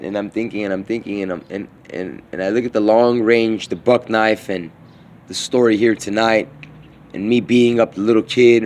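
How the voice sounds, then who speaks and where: A man's voice: on the low side, darkish tone, a little hiss or hum. A man delivering a meandering, slang-filled spoken monologue, often trailing off and restarting his thoughts.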